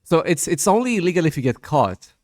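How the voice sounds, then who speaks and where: A young man chatting on a voice call late at night, halting and stammering, often apologizing. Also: on the high side, very animated, darkish tone, dry recording, clean studio sound. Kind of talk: casual chat. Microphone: desk mic with noise suppression on voice call.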